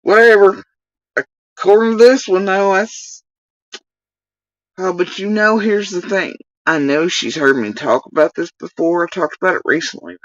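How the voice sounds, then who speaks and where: A woman's voice: lowish voice, normal speed, dry recording, far from the mic, muffled recording. A woman ranting heatedly on a livestream, swearing often as she vents. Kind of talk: livestream rant.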